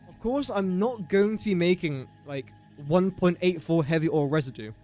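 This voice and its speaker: A talkative man hosts a casual game live stream, working through numbers out loud and tossing in jokes. His voice sits a touch high for a man, with faint music under him. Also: normal speed. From England. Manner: thinks aloud while doing sums, chatty and joking.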